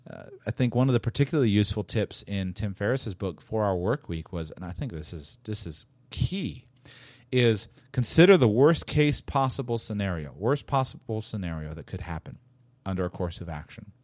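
A man's voice: fairly low pitch, animated, moderate pace, darkish tone, dry recording. A man hosting his own podcast, talking casually and emphatically, restarting sentences and chuckling as he makes his points. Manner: rambling and emphatic, with frequent restarts and repetition; chuckles while making a point. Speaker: podcast host. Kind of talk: casual solo podcast talk.

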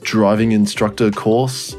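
A man's voice: lowish voice, steady tone, slow pace, a little mellow, soft background music. Rambling young man, casual chat. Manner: rambling, laughs often, swears freely. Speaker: podcast co-host.

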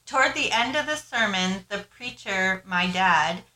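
A woman co-hosting a podcast who reads listener stories aloud a little haltingly and chats with many fillers. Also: medium pitch, animated, bright, forceful tone, a little hiss or hum. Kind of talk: reading listener letters and casual chat. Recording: roomy echo.

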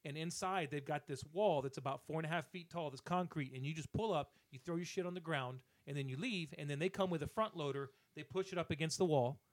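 A man co-hosting a podcast, telling a profane, animated story in a casual rant and voicing the people in it. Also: on the high side, fast, hardly any pauses, dry recording. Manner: animated, profane, acts out other people's lines. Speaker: podcast co-host.

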